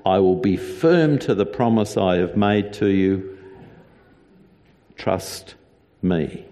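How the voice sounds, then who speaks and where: A man preaching a sermon as a pastor, earnest and deliberate, with emphatic repetition. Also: fairly low pitch, expressive, warm tone, in a large hall.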